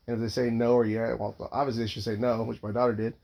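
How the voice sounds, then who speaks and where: A man's voice: mid-range voice, level tone, quick pace, vocal fry, darkish tone. A man in his thirties, a father, telling a long casual story, rambling and swearing constantly with lots of filler words.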